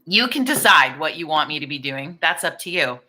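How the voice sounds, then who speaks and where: Bright, forceful woman hosting a livestream. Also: low voice, big pitch swings, fairly quick. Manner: candid, swears freely, greets viewers by name. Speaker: livestream host. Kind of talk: casual live-stream chat.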